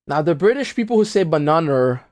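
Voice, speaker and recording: Young guy, casual speedrun streamer, loose slangy talker who grumbles at his own runs; average pitch. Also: moderate pace, no echo. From Brazil. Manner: rambling slangy chatter, muttering at his own gameplay. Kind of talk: casual livestream chat while playing.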